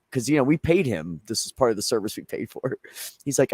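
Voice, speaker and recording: A man's voice: lowish voice, fairly quick, no room sound. A man from Pennsylvania telling a rambling, profane story in casual chat, acting out the people in it. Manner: loose, profane storytelling with animated quoted voices. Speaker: show co-host.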